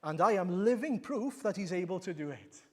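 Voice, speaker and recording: A man's voice: high-pitched, lively intonation, moderate pace. Healed blind man voiced by a male preacher, challenging, raised voice, long echo. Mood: confident. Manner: emphatic, challenging. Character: blind-born man, newly healed, bold and exasperated. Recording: long reverb of a church hall.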